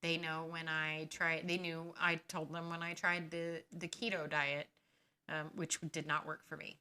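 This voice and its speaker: Her voice is low-pitched and smooth with a sharp tone, little pitch movement, and an unhurried pace. As a podcast host drawing on her own chronic pain, she gives blunt, casual advice that becomes increasingly emphatic and scolding.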